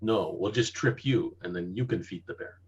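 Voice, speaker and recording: A man with a husky, lowish voice plays in a tabletop game. His remarks are dry and teasing. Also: moderate pace, dull audio. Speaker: player.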